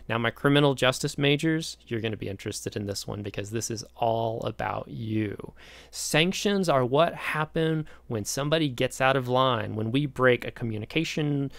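Male lecturer, gravelly voice, dry close sound, casual and chatty with students. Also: medium pitch, a bit bright, dry recording. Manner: casual, conversational and digressive, speaks directly to students. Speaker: college sociology lecturer. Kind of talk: recorded lecture.

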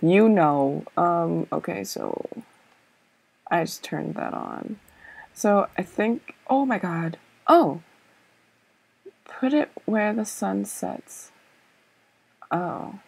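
A woman's voice: lowish voice, lively intonation, extremely slow, gravelly, pauses often, darkish tone, husky, low-quality recording. A woman narrating her own puzzle-game play, thinking aloud in a hesitant, self-doubting way with many fillers and repeated okays. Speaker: let's play gamer. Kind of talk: thinking-aloud gameplay commentary.

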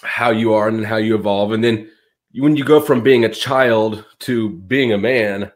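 A man's voice: fairly low pitch, normal speed. A man in casual conversation, telling blunt childhood stories, swearing freely and laughing as he talks. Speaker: guest.

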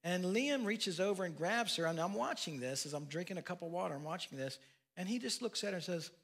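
A man's voice: high voice, animated, fairly quick, vocal fry, fairly bright tone, slightly rough. An older man preaching a sermon as pastor, telling folksy family stories with asides. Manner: folksy storytelling with laughs and asides.

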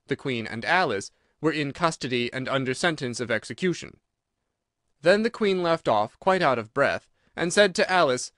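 A man narrating a storybook audiobook in an expressive storytelling manner. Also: medium pitch, no echo, clean studio sound.

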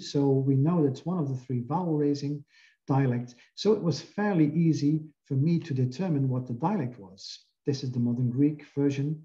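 A man's voice: medium pitch, moderate pace, dark tone, dull audio. A man giving an academic linguistics lecture, explaining slides step by step. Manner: explanatory, walking through slides. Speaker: linguistics professor.

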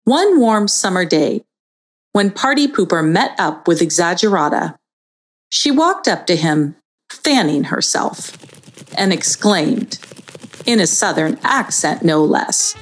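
Slow, animated woman telling a kids' story. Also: fairly low pitch, soft background music. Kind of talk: children's story narration.

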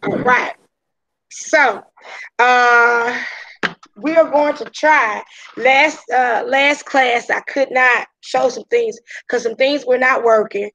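A woman's voice: fairly high pitch, takes it slowly, a bit bright, low-quality recording. A woman teacher talking casually to her class over a video call, taking the roll and introducing herself in a chatty Southern US way. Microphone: video call audio.

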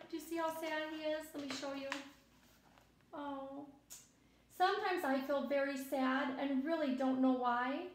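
A woman with a high, bright voice reads a picture book to little children, slow and unhurried. She is gentle and expressive, stopping to point things out to her young listeners. The room adds a noticeable echo. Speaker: children's story time reader.

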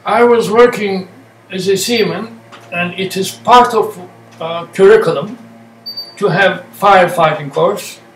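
A man speaking as a meditation teacher in a slow, reflective way, using short, halting phrases and plain words. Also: sits high. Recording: echoey room, distant mic, faint noise.

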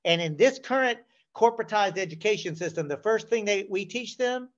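A man's voice: high-pitched, lively intonation, brisk, fairly bright tone, muffled recording. A man in his sixties with a Southern US accent, telling stories as an interview guest, often checking in with "right?". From Southern United States. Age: 60s. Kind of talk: casual storytelling.

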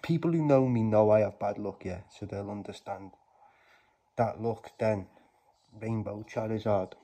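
Excitable guy talking to his viewers, goes from mumbly to shouting, kinda husky and dark sounding. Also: lowish voice, measured pace. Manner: excitable, bursts of loud exclamations between quiet mumbling; slangy, chatty address to viewers. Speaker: YouTuber opening trading card packs. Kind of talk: casual vlog commentary.

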